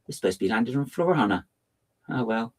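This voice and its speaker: A man's voice: medium pitch, animated, fast talker, lightly acted. A man voicing a breezy, apologetic male time traveller in a sci-fi serial pastiche.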